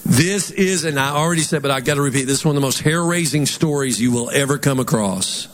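A pastor with a Southern twang preaching a sermon in an animated, folksy way, putting on mock voices. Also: male voice, medium pitch, fast. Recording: long hall reverb.

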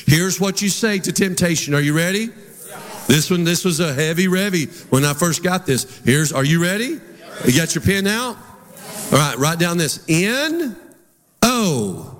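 A middle-aged pastor preaches a sermon in a conversational, humorous, storytelling style, speaking at normal speed in a fairly high voice. He is in a large church hall with a congregation, and the recording carries the hall's reverb and crowd.

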